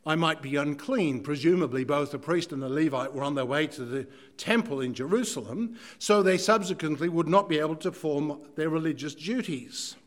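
A preacher with a voice a touch on the high side, delivering a sermon with theatrical flair. He swings from forceful emphasis down to quiet, near-whispered asides. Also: a little fast, few pauses. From Ireland. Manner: dramatic, shifts between loud emphasis and hushed asides.

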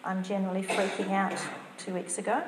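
A woman's voice: mid-range voice, level tone, a little fast, noisy background. A woman preaching a topical sermon in an earnest, conversational way, reading scripture aloud. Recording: roomy church sound.

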